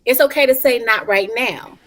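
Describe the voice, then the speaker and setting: Brief: female talk show guest, a mom, lively and warm-hearted delivery with terms of endearment, close and dry sound. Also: fairly high pitch, moderate pace, dry recording. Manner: animated and expressive, laughs often, calls listeners honey and child. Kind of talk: casual talk show conversation.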